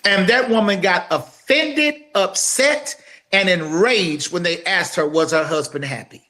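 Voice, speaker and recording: A grown man co-hosting a talk show, his voice sitting high for a man. He builds his points like a preacher, emphatic and direct, calling out to the audience as he goes. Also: a little slow, pushed and bright. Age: adult. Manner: emphatic, building like a sermon, addresses listeners directly. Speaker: podcast co-host. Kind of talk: impassioned podcast talk, preacher-like.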